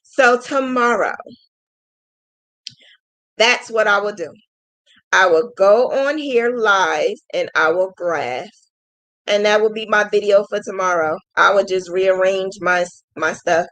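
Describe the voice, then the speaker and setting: Slow-talking woman livestream host. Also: medium pitch, a bit bright, poor audio. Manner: emotional, thanking viewers, quick to laugh. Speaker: crochet channel host. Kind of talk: casual livestream chat.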